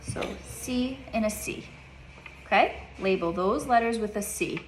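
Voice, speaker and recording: A woman's voice: medium pitch, lively intonation, a little slow, slight background noise. A woman teaching a child reading in a one-on-one lesson, patient, repeating her questions and checking in with "okay?".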